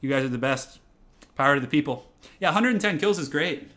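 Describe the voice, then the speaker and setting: A man's voice: a little high, lively intonation, fairly quick, bright, forceful tone. A man doing casual live-stream commentary over a game from a room at home, chatty and repeating his phrases as he answers chat.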